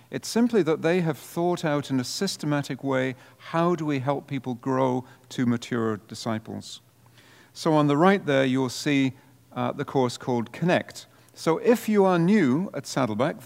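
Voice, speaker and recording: Speaking at a measured pace in a medium-pitched voice with vocal fry, this parish priest delivers a workshop presentation in a large hall. His manner is informal and conversational, sprinkled with relaxed asides.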